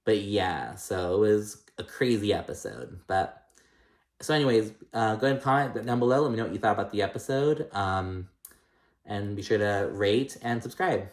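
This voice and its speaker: A man's voice: fairly low pitch, animated, moderate pace. Gossipy man recapping in a roomy echo. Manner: chatty and gossipy, heavy "like" and "um", swears freely. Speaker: reality TV recap vlogger. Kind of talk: casual episode recap.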